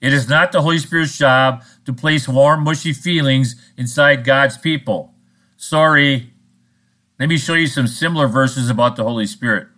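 A man's voice: mid-range voice, moderate pace, hardly any pauses, pushed and bright. A man preaching a sermon in a blunt, scolding, sarcastic manner. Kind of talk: recorded sermon monologue.

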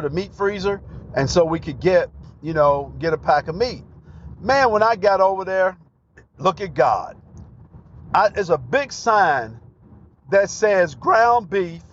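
Middle-aged preacher, man, high-pitched, fervent testimony with shouted praise; dull lo-fi broadcast sound. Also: a little hiss or hum.

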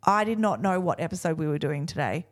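A woman's voice: sits low, expressive, fast talker. A woman, co-hosting a podcast in casual, self-mocking chat and acting out what others said. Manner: chatty, self-mocking, acts out quotes. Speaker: podcast co-host.

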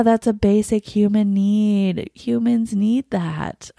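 A woman hosting a solo podcast, talking candidly and gently, laughing often as she reflects. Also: mid-range voice, takes it slowly, gravelly, hardly any pauses, no room sound, studio quality. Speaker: podcast host.

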